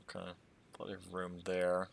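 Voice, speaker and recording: An American man casually commenting on a strategy game as he plays, thinking aloud in a relaxed, chatty way. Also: sits low, moderate pace, vocal fry, slight background noise. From United States. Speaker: strategy game let's player.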